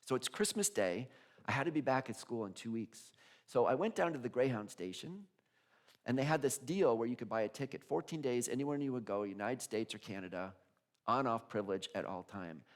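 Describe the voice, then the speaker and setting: A man's voice: mid-range voice, brisk. Middle-aged guy preaching, telling his own story, voice bounces all over, laughs a lot. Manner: animated storyteller, laughs often, acts out voices in quotes. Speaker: minister. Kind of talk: sermon with personal storytelling.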